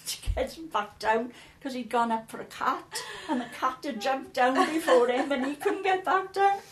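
Older woman, interviewee, fairly high voice, rambling fond anecdotes. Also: moderate pace, roomy sound. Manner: chatty, laughing, repeats words as she recalls. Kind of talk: casual storytelling.

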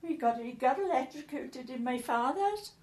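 A woman's voice: sits high, expressive, moderate pace, a little mellow, reverberant. Chatty older woman reminiscing. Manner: chatty, laughing, repeats words as she recalls. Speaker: interviewee. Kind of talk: casual storytelling.

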